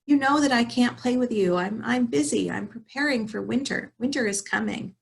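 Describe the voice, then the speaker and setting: A woman's voice: on the high side, normal speed, gravelly, pitched above the performer's own voice. A woman voicing a hardworking, lonely female field mouse in a storybook tale, speaking firmly and earnestly. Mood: busy. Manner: firm, earnest.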